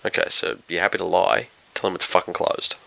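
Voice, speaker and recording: A man's voice: low voice, level tone, a little fast, gravelly, sharp tone, rough recording. A man co-hosting a sports chat, teasing and making crude jokes. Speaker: podcast co-host.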